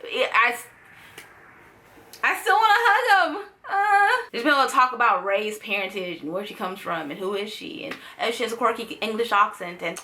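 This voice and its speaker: A young woman talking casually and playfully to camera in a fan-theory vlog, full of animated asides. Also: on the high side, normal speed. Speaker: vlogger.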